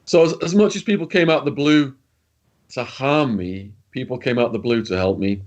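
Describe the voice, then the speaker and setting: A man's voice: mid-range voice, moderate pace. A British man telling stories as an interview guest, in a blunt, chatty way with slang and the odd swear word. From Britain. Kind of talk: casual storytelling in an interview.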